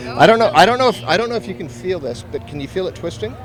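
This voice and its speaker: A man's voice: high voice, animated, quick pace, over music. A man doing a spoon-bending trick for a guest outdoors, talking her through each step like a showman. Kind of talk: performing a trick patter. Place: outdoor car show.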